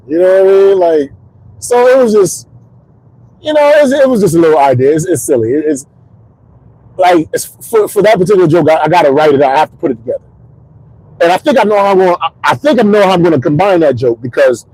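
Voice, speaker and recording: A comedian in his thirties from Connecticut rambles through a casual monologue from inside his car. His voice is gravelly, husky and dark. He sits fairly high for a man and swings his pitch all over the place. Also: rough recording. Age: 30s. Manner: rambling, animated storytelling. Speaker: comedian host. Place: parked car.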